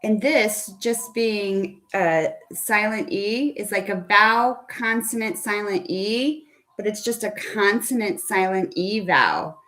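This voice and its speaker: A woman's voice: medium pitch, takes it slowly, fairly bright tone. A woman teaching a phonics lesson to children over a video call, patient and coaxing, asking her students questions. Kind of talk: online phonics lesson for kids.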